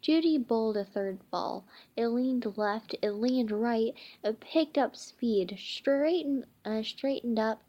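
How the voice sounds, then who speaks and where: A woman reads a children's storybook aloud at a slow pace, stumbling and going back over words with many "uh"s. Her voice sits a little high. The reading stays unhurried throughout. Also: lo-fi sound. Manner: halting, many slips and restarts with "uh". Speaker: reader.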